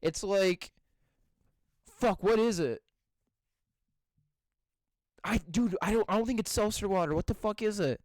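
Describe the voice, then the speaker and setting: A man co-hosting a podcast over a remote call from his bedroom, excitable and swearing constantly in casual chat. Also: sits high, unhurried, pauses often, no room sound. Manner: excitable, heavy swearing, rants in rising bursts. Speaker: podcast co-host.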